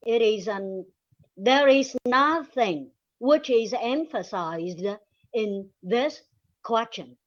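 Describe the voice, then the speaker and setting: Woman, non-native speaker, reads lecture slides slowly, higher voice, dull lo-fi sound. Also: animated. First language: Vietnamese. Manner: slow, deliberate reading with pauses. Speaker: webinar presenter. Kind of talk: reading a linguistics presentation. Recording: dull lo-fi recording.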